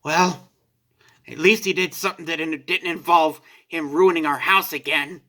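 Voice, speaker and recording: A man's voice: fairly high pitch, steady tone, moderate pace, bright, forceful tone. A man voicing an exasperated young wife with a dry, sardonic way of talking.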